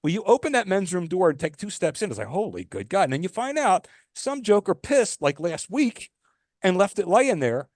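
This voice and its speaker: A man's voice: high-pitched, very animated, moderate pace, darkish tone, no room sound, clean studio sound. A man co-hosting a podcast, talking in an emphatic, ranting way with many restarts. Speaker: podcast co-host. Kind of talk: casual podcast chat.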